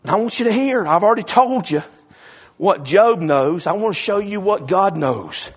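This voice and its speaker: A high-pitched man with a husky, breathy voice preaching. He reads scripture and swings from shouted, fervent passages down to a quiet murmur. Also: animated, moderate pace. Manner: rising to shouted preaching, then dropping to a hushed murmur. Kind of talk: sermon.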